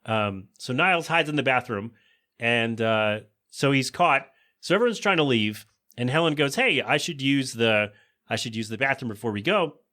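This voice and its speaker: A man hosting a podcast, recapping a sitcom episode in a casual, joking way and quickly voicing the characters' lines. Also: mid-range voice, expressive, bright, forceful tone. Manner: chatty, joking asides, quick quoted voices of characters. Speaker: podcast host.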